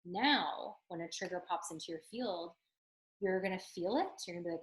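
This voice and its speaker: A woman spiritual coach explains her techniques in a casual teaching monologue, chatty, earnest and encouraging, with frequent "like" and "um" fillers. Her voice is fairly low and her pace moderate, and the recording quality is poor.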